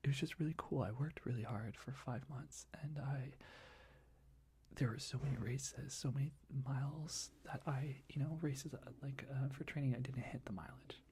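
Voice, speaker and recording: A young man talking in a soft, rambling ASMR whisper, full of restarts, as he shares life updates. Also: medium pitch, normal speed, slight background noise. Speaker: ASMR creator.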